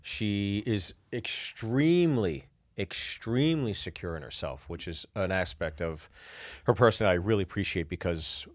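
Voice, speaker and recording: A man co-hosting a comedy podcast, talking in a laid-back, halting way with frequent restarts. He speaks into a close studio mic. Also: on the low side, animated, dry recording. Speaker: podcast co-host. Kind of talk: casual comedic chat.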